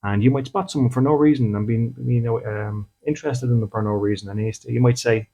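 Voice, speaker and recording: Fast and warm in tone, a mid-range male voice belongs to a spiritual medium from Ireland who hosts a podcast. He addresses listeners conversationally, plays out brief exchanges, and often checks in with "okay?".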